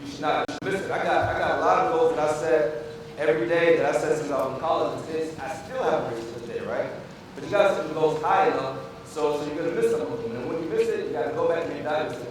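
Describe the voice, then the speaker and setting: Male physician, motivational speaker, higher voice, quizzes the crowd, heard from far back in an echoey, noisy hall. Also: fast. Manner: call-and-response with the audience, repetitive and emphatic. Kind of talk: motivational speech. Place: large hall with a PA system.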